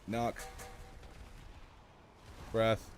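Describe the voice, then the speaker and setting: A man streaming a game live, joking excitedly with his chat and teammates as he plays. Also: extremely slow, faint music behind. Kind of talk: live gameplay commentary.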